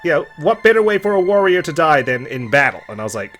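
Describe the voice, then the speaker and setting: A man's voice: high voice, big pitch swings, fast, hardly any pauses, a bit bright, faint music behind. A man hosting a let's play, joking and chatting casually while he plays and reads game dialogue aloud. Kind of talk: casual gameplay commentary.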